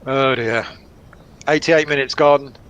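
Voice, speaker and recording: A man's voice: medium pitch, steady tone, slow pace, a bit bright, smooth. A man co-hosting a football watchalong, wry and teasing, calling out the clock. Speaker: fan channel co-host. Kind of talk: live match watchalong chat.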